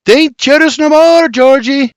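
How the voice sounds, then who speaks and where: A man's voice: sits high, very animated, normal speed, dry recording, studio quality, pitched above the performer's own voice. A man doing a crowing young huntress. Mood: triumphant. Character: spirited young colonial woman, boastful huntress.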